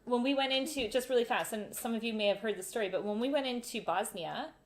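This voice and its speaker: Animated woman telling travel stories. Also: fairly high pitch, fast talker. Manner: animated, acts out voices in stories. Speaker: travel vlogger, live Q&A host. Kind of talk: casual live-stream storytelling.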